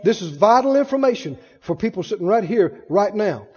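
A male preacher with an unusually high, mellow voice delivers his sermon with emphatic call-and-response. The recording is dull and lo-fi. A long hall reverb trails after every phrase. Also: animated, normal speed, few pauses, husky.

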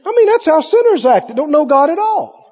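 A man preaching a sermon with lively delivery, playing out cravings in mock voices, recorded on a muffled tape in a hall. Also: very high-pitched, a little fast.

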